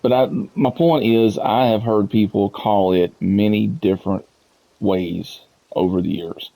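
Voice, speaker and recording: A man's voice: lowish voice, fairly even intonation, a little slow, gravelly, mellow, rough recording. A man talking casually to his viewers as a gaming YouTuber, chatty and amused, often laughing.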